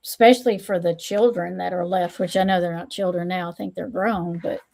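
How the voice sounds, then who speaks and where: A woman hosting a casual livestream chat, who repeats her phrases, greets viewers and reads out their comments. She is still a little hoarse. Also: on the low side, steady tone, fairly quick, darkish tone. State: recovering from hoarseness. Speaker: stream host and tarot reader.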